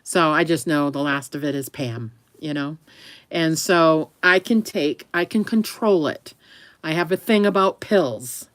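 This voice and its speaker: Woman vlogging, lowish voice, dry close sound, rambling, chatty, laughs a lot. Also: unhurried, a bit bright, dry recording. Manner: talks affectionately to her dog between remarks. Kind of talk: casual chat to camera.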